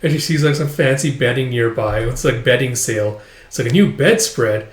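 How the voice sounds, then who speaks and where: A man's voice: mid-range voice, fairly quick. A man casually retelling a story in a chatty, offhand way. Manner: casual, peppered with "it's like". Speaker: video host retelling a comic chapter. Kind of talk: casual recap with voiced parts. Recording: roomy echo.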